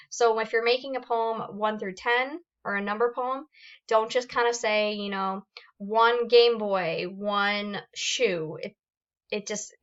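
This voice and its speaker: A woman's voice: fairly high pitch, fairly bright tone, muffled recording. A woman teacher explaining poetry forms step by step in a recorded lesson, reading examples aloud with fillers and restarts.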